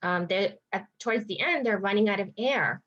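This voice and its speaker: A woman speech therapist talks parents through practical tips, thinking aloud and often restarting her sentences. Her voice sits at a middle pitch, and the recording sounds a little dull and lo-fi. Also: moderate pace, fairly bright tone. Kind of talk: informal teaching talk to parents.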